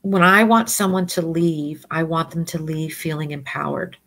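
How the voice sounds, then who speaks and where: A middle-aged woman educator speaking as an interview guest, animated and often acting out the voices of people she quotes. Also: sits low, normal speed. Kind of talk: conversational interview.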